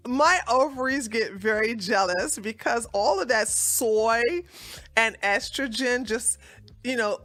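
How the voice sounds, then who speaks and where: A woman's voice: fairly high pitch, fairly bright tone, no room sound. A woman hosting her own commentary show, talking casually in a sarcastic, mocking way and laughing often. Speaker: political commentary host.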